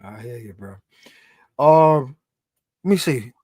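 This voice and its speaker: A man hosting a casual livestream over a video call, with loose slangy banter and shout-outs to viewers. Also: medium pitch, expressive, slow, dry recording, studio quality. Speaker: livestream host.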